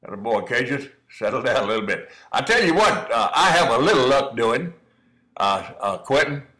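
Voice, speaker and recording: A man's voice: medium pitch, big pitch swings, normal speed, bright, forceful tone, low-quality recording. A middle-aged man giving folksy, encouraging running commentary on dog training, calling the listener son. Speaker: cowdog breeder commenting on training footage. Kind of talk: casual running commentary over video.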